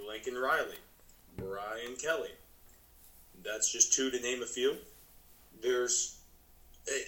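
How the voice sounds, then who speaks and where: A man co-hosting a sports podcast with a bright, forward tone and casual, conversational delivery. His voice rings in a roomy, echoey space. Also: medium pitch. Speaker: podcast co-host.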